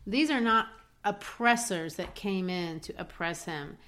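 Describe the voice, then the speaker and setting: A woman teaching literature, analysing a play in animated discussion. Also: mid-range voice, a little slow.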